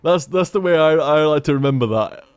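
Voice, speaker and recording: A man's voice: a little high, animated, fairly quick, a little mellow, clear, resonant tone, dry recording. A man in casual rambling chat as a gaming commentator, chatty, laughing at himself and swearing freely.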